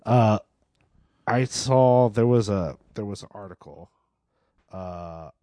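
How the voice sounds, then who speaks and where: A man co-hosting a podcast in casual chat, dry and teasing with deadpan jokes. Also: on the low side, slow pace, no room sound. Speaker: podcast co-host.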